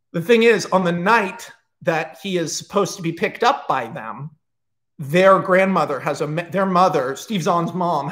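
Animated, profane man pitching a movie. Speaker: screenwriter pitching a film. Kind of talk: casual storytelling pitch.

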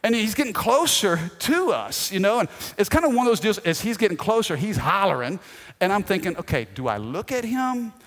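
A man preaches from the pulpit, his voice sitting a little higher than most men's. He tells stories with lively, animated energy and now and then shouts out quoted lines. The sound rings with a long reverb from a large church sanctuary. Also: a little fast. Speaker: pastor. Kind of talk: sermon.

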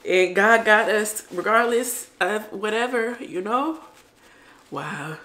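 A young woman vlogs to camera in an echoey room, her mid-range voice slow, bright and forceful. She begins emotional, then becomes chatty and upbeat with her viewers in casual vlog talk.

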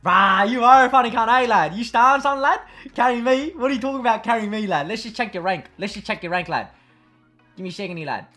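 A man's voice: high-pitched, quick pace, bright, forceful tone, soft background music. A man playing a brash, mocking fifteen-year-old male gamer with an Australian accent, trash-talking in voice chat. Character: cocky teenage male Aussie gamer lad. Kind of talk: comedy sketch over game voice chat.

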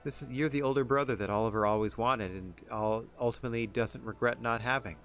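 A man's voice: medium pitch, steady tone, fast talker, a bit bright. Sarcastic man commenting over game music. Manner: sarcastic, joking asides. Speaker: streamer. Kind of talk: gameplay commentary.

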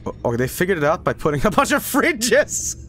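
Excitable man as gaming streamer, high, very lively voice, swears and laughs a lot. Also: brisk, faint music behind. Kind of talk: casual let's-play commentary.

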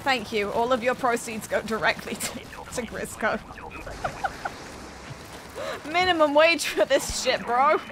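A woman with a voice on the high side streams a game at a normal speed, chatting playfully, giggling often, and swearing at the screen. Game music and background noise fill out the clip.

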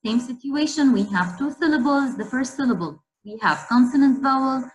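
A woman's voice: sits high, expressive, moderate pace, poor audio. A woman teacher leading an online spelling lesson for girls, repeating each word and quizzing the class.

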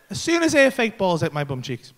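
A man doing crude, animated stand-up comedy on a comedy club stage into a handheld mic, with shouted bursts. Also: high-pitched.

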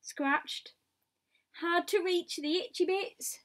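A woman reads a picture book aloud in a slightly high voice. She takes her time over each short diary entry. She stops now and then for little asides to the listener. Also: animated. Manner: unhurried diary-style reading with asides to the listener. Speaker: storybook reader.

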